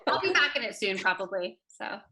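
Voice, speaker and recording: A woman chatting casually on a video call, easygoing and quick to laugh. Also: medium pitch, big pitch swings, a loud crowd. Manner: giggly, easygoing. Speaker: guest athlete. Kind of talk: casual interview chat.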